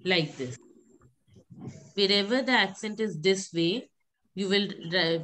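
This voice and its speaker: Woman, French teacher, patient, repeats and corrects, mid-pitched, faint background noise. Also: takes it slowly. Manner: patient, drills words by repetition and corrects gently. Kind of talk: live pronunciation class.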